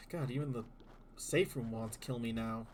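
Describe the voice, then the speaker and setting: A man's voice: medium pitch, animated, moderate pace, darkish tone, a little hiss or hum. A man giving live commentary while playing a video game, exclaiming, groaning and muttering at what happens on screen. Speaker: streamer. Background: game music.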